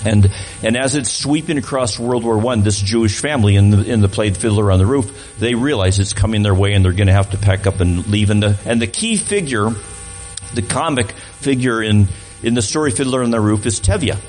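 A man's voice: lowish voice, fairly quick, a little mellow, soft background music, low-quality recording. A man speaking as a guest at a church, talking to the congregation in a conversational way and often restarting his sentences. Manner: conversational, repeats words while restarting.

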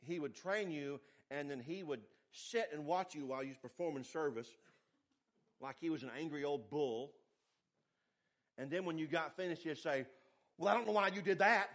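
A male pastor, preaching a sermon with animated swings between loud emphasis and quiet asides. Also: normal speed. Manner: animated preaching, pitch and volume rising and falling widely.

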